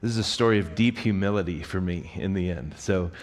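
A young man on a church staff giving a sermon, moving from a slow scripture reading into a rambling, self-mocking personal story. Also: deep voice. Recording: long reverb of a large hall.

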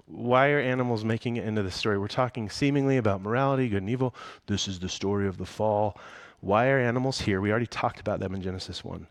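A man's voice: on the low side, quick pace, no room sound. A man preaching a sermon as pastor, conversational and full of rhetorical questions.

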